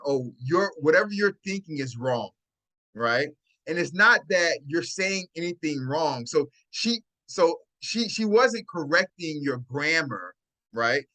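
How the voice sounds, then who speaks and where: A man with a bright, somewhat high voice hosts a casual live-stream talk on dating advice. He speaks into a phone, chatting loosely and checking in with "right?" again and again. He chuckles often along the way. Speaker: host.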